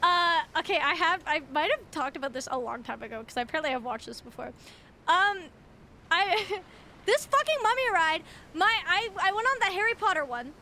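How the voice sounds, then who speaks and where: A young woman streamer telling an animated story in casual chat, swearing freely. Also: extremely high pitch, a little hiss or hum. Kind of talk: casual chat while gaming.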